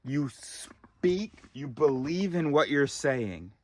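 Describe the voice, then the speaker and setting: A man's voice: medium pitch, animated, slow, slight background noise. A man ranting in a profane, exasperated monologue, recorded in a car. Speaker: vlogger.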